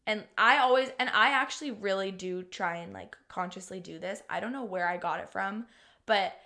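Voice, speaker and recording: A woman's voice: mid-range voice, moderate pace, pushed and bright. Chatty young woman podcast co-host. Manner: chatty, emotional storytelling full of "like". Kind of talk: casual chat.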